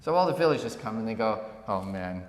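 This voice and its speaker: A man co-hosting a podcast, telling a parable in a relaxed conversational way and acting out the villagers' lines. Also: medium pitch, very fast. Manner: animated storyteller who acts out villagers. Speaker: podcast co-host. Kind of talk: conversational storytelling. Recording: echoey room with long reverb.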